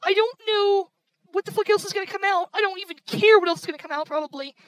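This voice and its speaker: A woman's voice: very high-pitched, fast, low-quality recording. A woman giving casual gameplay commentary, frustrated and swearing constantly. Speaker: gaming video creator.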